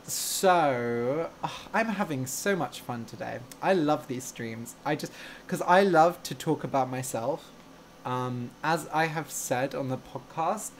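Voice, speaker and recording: A man's voice: mid-range voice, a little hiss or hum. A young man who teaches English and hosts a podcast. He chats casually with learners on a live stream, gushing and playful, and laughs easily.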